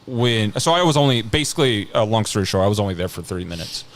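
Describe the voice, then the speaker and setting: A man in his thirties talks through a story as a podcast guest, his voice sitting a bit low. He rambles and stops and restarts constantly, dropping casual curse words as he goes. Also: lively intonation. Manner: rambling, halting, with frequent restarts and casual swearing. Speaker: podcast guest, scare actor.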